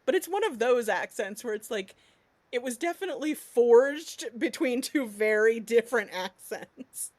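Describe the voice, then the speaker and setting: A woman's voice: on the high side, animated, moderate pace, a little mellow, no echo. A woman co-hosting a podcast in casual chat, telling stories animatedly and laughing often. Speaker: podcast co-host.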